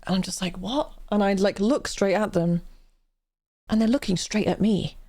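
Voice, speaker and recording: A woman's voice: medium pitch, steady tone, normal speed, a little mellow, no echo. A British woman from the UK chatting casually on a live stream, telling rambling stories full of restarts and laughs. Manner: rambling, self-interrupting storyteller who laughs often.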